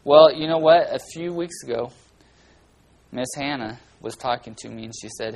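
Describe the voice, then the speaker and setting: A children's church teacher giving an animated Bible lesson, asking the kids lots of questions and breaking into loud, dramatic bursts. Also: mid-range voice, moderate pace, slight background noise, poor audio.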